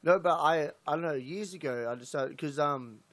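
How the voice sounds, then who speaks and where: A man's voice: a little high, moderate pace, fairly bright tone, no room sound. Nasal Australian man, dry sound. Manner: laid-back, blunt, laughs often. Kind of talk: casual chat.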